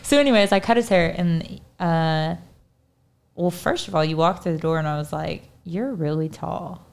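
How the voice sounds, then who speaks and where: A woman's voice: fairly low pitch, moderate pace, gravelly, clean tone. A young woman co-hosting a casual podcast, telling stories animatedly, acting out quoted dialogue and laughing often. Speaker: podcast co-host. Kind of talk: casual storytelling chat.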